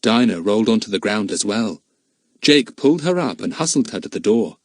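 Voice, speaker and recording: A man narrates a children's adventure book in a clear, expressive way. His pitch rises and falls a lot as he tells the story. The sound is dry and close. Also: fairly quick, no echo. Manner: lively, expressive reading. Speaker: audiobook narrator.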